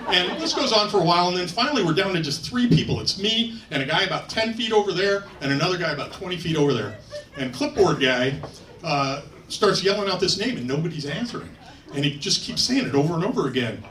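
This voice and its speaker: Heavy background noise surrounds this high-voiced New York comic as he works through a long stand-up story, padding it with fillers and acting out quotes. The audience laughs throughout, and the club recording sounds distant and roomy.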